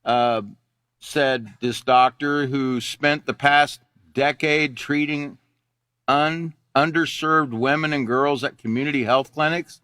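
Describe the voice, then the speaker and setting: A man's voice: mid-range voice, fairly even intonation, takes it slowly, pushed and bright, clear, resonant tone, no echo, clean studio sound. An older man teaching a class, reading news articles aloud and mocking them with sarcasm, repeating himself as he goes.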